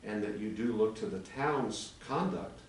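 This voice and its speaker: A man in his sixties, an attorney with a fairly low, unhurried voice, argues a legal case before a town commission at a formal public meeting. The recording has an echoey chamber sound, a distant mic, and a faint hum.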